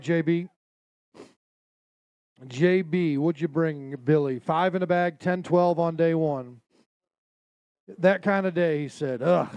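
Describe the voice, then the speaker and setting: An energetic male announcer calls out catch weights with a high-pitched voice. He jokes with anglers and spectators at a live weigh-in, and the sound is dry and close. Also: clean tone, dry recording. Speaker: weigh-in emcee.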